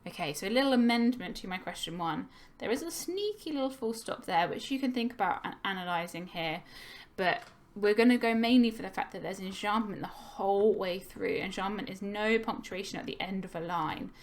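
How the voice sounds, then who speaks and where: A woman's voice: mid-range voice, fairly quick, few pauses. A young woman teacher talking through a poem for students in a recorded lesson, patient and explanatory, thinking aloud with the odd filler. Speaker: English teacher. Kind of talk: recorded lesson on poetry analysis.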